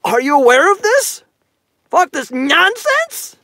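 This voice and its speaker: Slow, profane commentator ranting into a dry mic, rambling and repeating himself. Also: male voice, extremely high pitch, very animated, pushed and bright, no room sound. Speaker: YouTube commentator.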